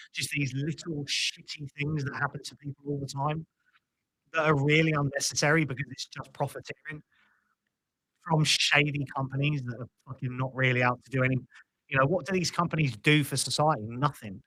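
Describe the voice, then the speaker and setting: A man's voice: fairly high pitch, fairly quick, bright, forceful tone, no room sound, low-quality recording. A young British man hosting a live stream, ranting casually about politics, swearing freely and restarting his sentences.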